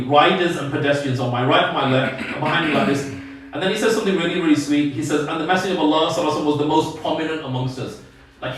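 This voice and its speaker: A man giving an earnest Friday sermon, often repeating words as he gathers his thoughts. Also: on the high side. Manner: earnest, repeats words while searching for them. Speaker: preacher giving a Friday talk. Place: prayer hall. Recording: very echoey room, mic far off.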